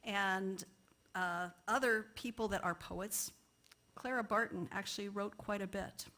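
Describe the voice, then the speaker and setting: A woman's voice: medium pitch, fairly even intonation, measured pace, sharp tone. Earnest woman poet speaking in church. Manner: earnest, with some stumbles over words. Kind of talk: church talk.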